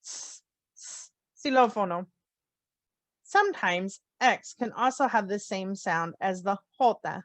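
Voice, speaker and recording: Slow, careful woman teaching letter sounds. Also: medium pitch, lively intonation, no room sound. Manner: clear, deliberate enunciation of letter sounds. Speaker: Spanish teacher. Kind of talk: slow, careful phonics lesson.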